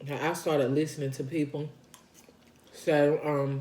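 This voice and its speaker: A woman's voice: sits low, little pitch movement, a little slow, long pauses, warm tone. A woman vlogger chatting casually while eating on camera, folksy and talkative, circling back to repeat her points between bites. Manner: talks between bites of food. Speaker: vlogger sharing her weight-loss journey. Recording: echoey room.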